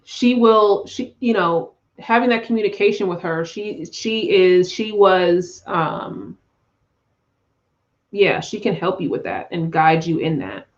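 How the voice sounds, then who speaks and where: Slow, gushing woman tarot reader. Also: fairly low pitch, expressive, highs cut off. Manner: effusive, emotional, spiritual, with frequent laughs and sighs. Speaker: tarot reader hosting a live chat. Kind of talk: live-stream tarot reading.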